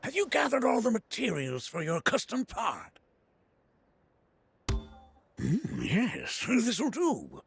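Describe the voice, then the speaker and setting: A gravelly, husky old motorbike mechanic, who swings from low mutters to shouted glee in a wide, restless melody. He talks at an unhurried, drawn-out pace. The game voice sits dry and close. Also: heavily acted. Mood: proud. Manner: bursts into shouting excitement and laughter. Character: excitable older male mechanic, ex-racer. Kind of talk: video game dialogue.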